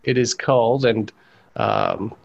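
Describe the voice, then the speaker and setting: A man's voice: mid-range voice, slow, creaky, lo-fi sound. A man hosting a wrestling podcast, chatting casually and laughing easily. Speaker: podcast host.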